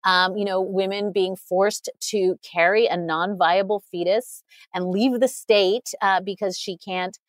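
Woman guest talking it through earnestly, lots of you knows, medium pitch, dry close sound. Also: steady tone, no room sound. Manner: articulate, earnest, rapid, with many "you know" fillers and short laughs. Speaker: interview guest. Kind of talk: conversational analysis.

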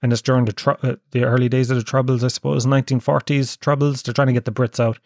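A man's voice: medium pitch, flat delivery, quick pace, a little mellow, no room sound, studio quality. A sick, worn-out Irish man hosting his own podcast, rambling in a self-deprecating, sweary way. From Ireland. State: ill and worn out. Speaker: podcast host. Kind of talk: casual solo podcast monologue.

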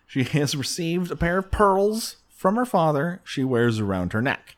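Animated joking man. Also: fairly high pitch, slow pace, long pauses. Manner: joking, animated, frequent laughs. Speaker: podcast host. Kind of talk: casual comedic chat.

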